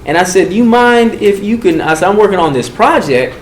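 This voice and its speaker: Animated man telling a story in an echoey room. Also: a little fast. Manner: animated, acts out quotes with swings in pitch and volume. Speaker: gang prevention speaker. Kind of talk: storytelling to a group. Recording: echoey room with faint noise.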